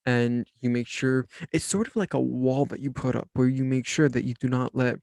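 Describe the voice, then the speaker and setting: A young man with a gravelly, middle-pitched voice hosts a self-help podcast. He tells his story in a relaxed, rambling way, full of fillers and restarts. The sound is dry and close, with no room echo. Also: normal speed. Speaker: podcast host.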